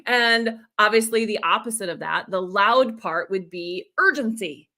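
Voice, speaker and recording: A woman's voice: medium pitch, unhurried, bright, forceful tone. A middle-aged woman coaching storytelling on a live stream, demonstrating voices and reading out viewer comments.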